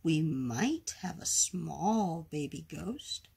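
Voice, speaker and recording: A gruff, grumpy museum owner who blusters and harrumphs, as a woman puts him on while reading a storybook. The voice is slow and very breathy. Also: medium pitch, animated, heavily acted. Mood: cautious.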